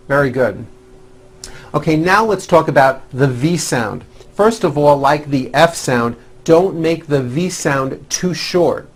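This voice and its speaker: A man teaching pronunciation at an unhurried, careful pace. His voice sits a little high for a man, and he stretches out each sound to demonstrate it clearly. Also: animated. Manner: slow, deliberate, exaggerated demonstration of sounds. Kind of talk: scripted English pronunciation lesson.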